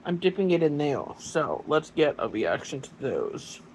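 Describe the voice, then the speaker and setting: An excitable vlogger chats on camera in a home kitchen, mid-pitched and filling the gaps with "like" and "um". There is a faint hiss of room noise under the voice. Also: unhurried. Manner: chatty and excitable, with many fillers like "like" and "um". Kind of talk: casual chat and on-camera food tasting.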